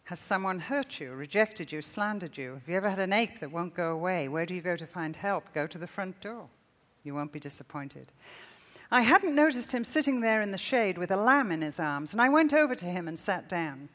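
A woman's voice: mid-range voice, a little fast. Woman preaching a sermon in a big, reverberant hall. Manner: expressive reading, rising loud then dropping to a hush. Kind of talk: sermon with a read-aloud story. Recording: long reverb in a large hall.

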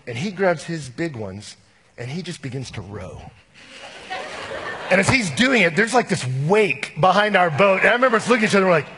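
Male pastor, middle-aged, high lively voice, husky edge, animated storytelling, long hall reverb. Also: fast talker. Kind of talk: sermon with a personal story.

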